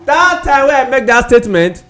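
A man's voice: very high voice, big pitch swings, brisk, a bit bright, soft background music. A man with a Nigerian accent hosting a newspaper review show, joking and laughing often in casual banter.

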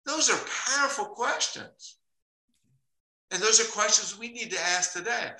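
A man's voice: sits high, animated, measured pace, pushed and bright. A man teaching the Bible in a podcast conversation, emphatic, reading verses aloud and repeating them for stress. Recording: echoey room.

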